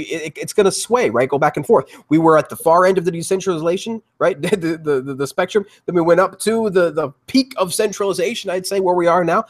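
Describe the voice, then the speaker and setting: A man talking eagerly on a live panel show, with frequent restarts and repeated words. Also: on the high side. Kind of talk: casual crypto panel talk.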